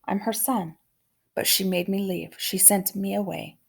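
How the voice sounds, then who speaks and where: A woman's voice: mid-range voice, fairly even intonation, unhurried, creaky, husky. A woman voicing a pompous, dramatic boy. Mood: mournful. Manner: formal, grandiose wording. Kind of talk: storybook read-aloud.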